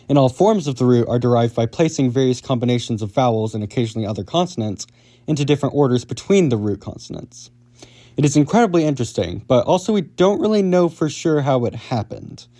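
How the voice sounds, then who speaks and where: A man's voice: medium pitch, warm tone. A man hosting an educational video, reading a casual, upbeat script. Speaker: video host explaining linguistics.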